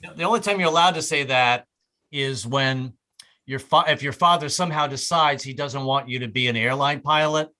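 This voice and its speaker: A middle-aged man performing a stand-up comedy set on a club stage, breaking into loud shouted impressions. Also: medium pitch, normal speed, low-quality recording.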